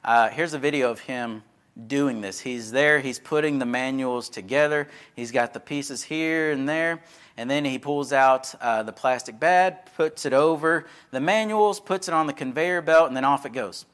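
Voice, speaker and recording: A man's voice: mid-range voice, moderate pace, a bit bright, clean tone. A man, a preacher telling stories in a folksy, conversational sermon. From Texas. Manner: folksy, conversational, acts out quoted voices. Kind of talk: sermon with storytelling.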